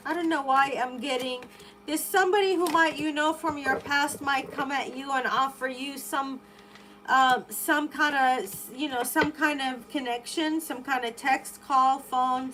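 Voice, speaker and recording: Chatting with viewers and reading their comments on her live tarot stream, this woman reacts with frequent exclamations and rambling restarts. Her voice sits high and is a bit bright, and the low-quality recording carries a little hiss or hum.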